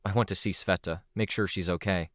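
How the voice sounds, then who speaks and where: A man's voice: deep voice, steady tone, fairly quick, no room sound, studio quality, natural voice. A man reads a shaken young woman's lines in a tight, urgent voice for an audiobook. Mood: strained.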